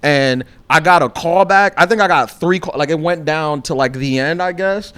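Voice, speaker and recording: A comedian guest talking casually and animatedly about auditions. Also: male voice, fairly high pitch, normal speed, smooth. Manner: animated, exasperated storytelling.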